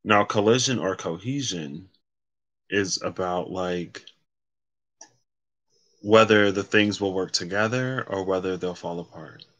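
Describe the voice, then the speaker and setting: A man's voice: sits low, unhurried, long pauses, a bit bright. A man giving a casual solo card reading, rambling and correcting himself as he reads card meanings aloud. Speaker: tarot card reader.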